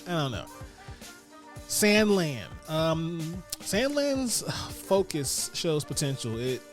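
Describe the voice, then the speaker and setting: A man hosting his own podcast, slangy and full of hype as he talks straight to his listeners. His voice sits in a middling pitch, with soft music playing faintly under it. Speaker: podcast host. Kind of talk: casual podcast chat and rapid review rundown.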